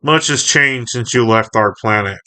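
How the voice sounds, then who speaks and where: A man voicing a calm, noble male robot leader in a measured tone while reading a comic book aloud. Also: medium pitch, lightly acted. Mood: grave.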